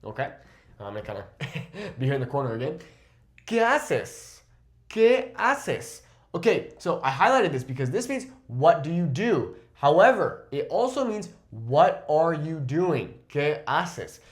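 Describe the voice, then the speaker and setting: A man in his twenties teaching a language lesson, explaining phrases in a lively way. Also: a little high, normal speed. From California. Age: 20s. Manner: lively explaining, switches between English and Spanish. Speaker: Spanish teacher.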